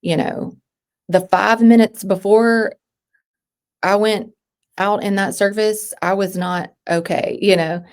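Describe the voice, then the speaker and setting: A woman in her thirties, a podcast guest, speaking in an emotional personal interview with halting phrases that restart and trail off. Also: medium pitch, fairly even intonation, darkish tone.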